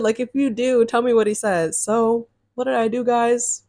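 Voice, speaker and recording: A woman's voice: fairly high pitch, moderate pace, darkish tone, no room sound. Young woman in a dry, close storytime. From California. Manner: chatty, exasperated, slangy storytelling. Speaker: storytime vlogger. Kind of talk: casual storytime.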